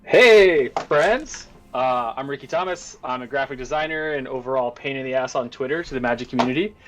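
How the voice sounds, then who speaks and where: A man's voice: medium pitch, a little fast, background noise. A man introducing himself as a player in a game stream, joking and self-deprecating in a casual chat.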